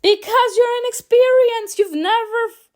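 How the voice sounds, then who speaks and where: A woman reading a story game aloud and reacting, excitable and gushing between lines. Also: extremely high pitch, normal speed. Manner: excitable, gushing, often laughing.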